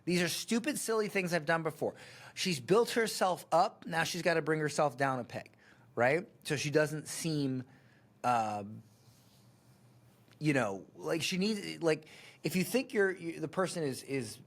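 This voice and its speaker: A man in his thirties hosting a reaction breakdown of a sales pitch, full of sarcastic asides and laughter. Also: sing-song, measured pace. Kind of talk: reaction commentary.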